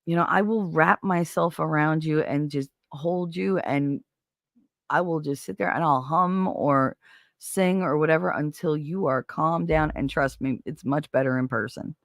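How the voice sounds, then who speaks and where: A woman's voice: sits low, unhurried, no room sound, clean studio sound. A woman hosting a casual livestream from home, seated at her computer and talking candidly and emotionally to her viewers, rambling and swearing now and then. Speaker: livestream host. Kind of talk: casual chat with live viewers.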